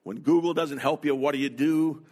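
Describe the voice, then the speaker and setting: A middle-aged man from North America preaching a sermon, telling personal stories slowly and deliberately. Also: fairly high pitch, steady tone, darkish tone. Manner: slow, deliberate, anecdotal delivery. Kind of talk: sermon storytelling.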